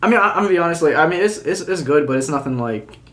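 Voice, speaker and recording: A man's voice: a little high, expressive, racing, a bit bright. A man co-hosting a podcast in an easygoing, agreeable chat. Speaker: podcast co-host. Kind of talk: casual chat.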